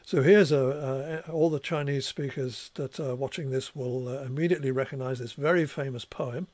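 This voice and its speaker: A man's voice: mid-range voice, moderate pace, no echo. Man giving a dry, plain lecture. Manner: explanatory, steady, clears throat now and then. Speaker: professor giving a tutorial. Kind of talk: recorded lecture.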